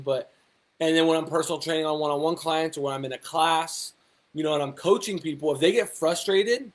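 A young adult man, a fitness coach, giving casual motivational advice with lots of rhetorical questions and fillers. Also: fairly high pitch. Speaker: fitness coach and personal trainer. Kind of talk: casual motivational talk to camera.

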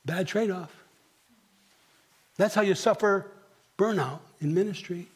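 A middle-aged male pastor preaching a sermon, swinging from near whispers to emphatic questions and clearing his throat often. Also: high voice, unhurried. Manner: dramatic, dropping to near whispers and rising for emphasis; asks the congregation rhetorical questions. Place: church.

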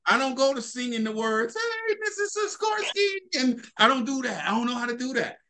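A man's voice: very high voice, fairly even intonation, fast talker, bright, forceful tone. A middle-aged man, a minister, talking in a casual, plain-spoken way during a Bible study on a video call. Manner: plain-spoken, conversational, repeats "you know what I'm saying".

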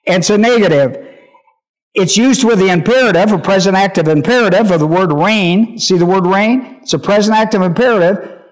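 A man's voice: sits high, fairly quick. A male pastor teaching a Bible lesson, emphatic, repeating key phrases and often asking whether listeners understand.

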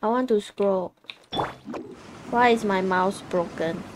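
A woman's voice: mid-range voice, takes it slowly, noisy background. A young woman streaming a game, chatting casually in a playful, giggly way with squeals and silly sound effects.

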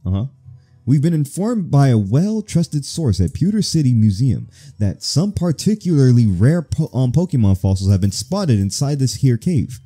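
Man doing bossy gang commander, loud, commanding, dark husky voice. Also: mid-range voice, big pitch swings, normal speed, pitched above the performer's own voice. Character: bossy male gang commander briefing grunts.

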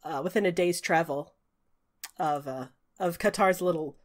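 A woman's voice: on the low side, moderate pace. A woman narrating a tabletop game as game master, chatty, with many fillers and restarts. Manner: chatty, frequent "uh" fillers, restarts mid-sentence.

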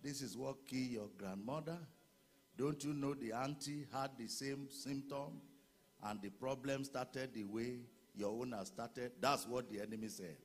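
A man with a Nigerian accent preaching a fervent sermon as pastor in a church, breaking into shouted declarations. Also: medium pitch, measured pace.

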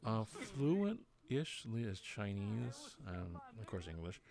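A man's voice: on the low side, sing-song, takes it slowly, creaky. A drunk man hosting, chatting casually in a VR game, rambling and repeating himself. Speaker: channel host. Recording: online voice chat with crowd chatter.

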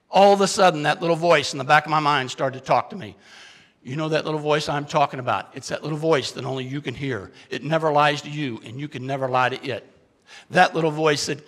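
A man with a bright, forceful, slightly high voice gives a keynote talk as dramatic storytelling. He speaks straight to the audience with questions and swings from loud urgent bursts to hushed confessions. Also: brisk, in a large hall. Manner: asks the audience questions directly.

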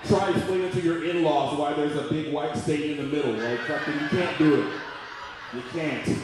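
A man in his forties doing a loud, profane stand-up comedy routine at a live venue. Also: a little high, normal speed. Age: 40s. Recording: echoey room, mic far off, audience noise.

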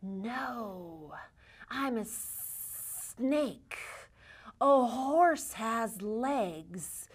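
A woman voicing a snake who speaks slowly and quietly, drawing out the words. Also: fairly high pitch, animated, breathy edge, full character voice. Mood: sly. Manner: slow, hushed, drawn out. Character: slithering, slow-talking snake.

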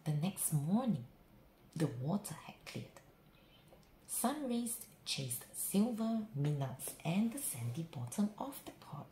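A woman reading a children's bedtime story aloud in an expressive, sing-song way. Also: low-pitched, slow pace, reverberant, a little hiss or hum, poor audio.

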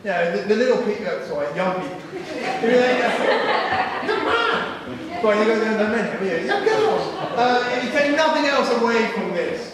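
A middle-aged guest speaker with an extremely high voice gives a public talk at normal speed in a large school hall, over a loud crowd. Animated and jokey, he tells a story and acts out its characters, captured from far off in the echoey hall.

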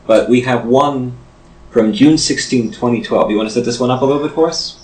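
A man's voice: mid-range voice, a little fast, distant mic. A man hosting a casual interview inside a shop, rambling and digressive as he sets up each clip. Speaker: host. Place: shop, indoors. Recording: roomy, off-mic.

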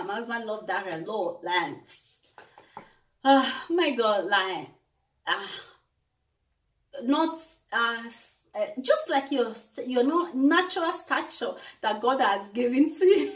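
A woman vlogger chatting casually to camera, repeating herself with many hesitations. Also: fairly high pitch. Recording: echoey room, far from the mic.

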